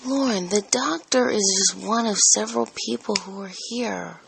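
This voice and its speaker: A woman on a heated phone call, speaking low and pleading as she tries to calm the caller. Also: normal speed, vocal fry, noisy background.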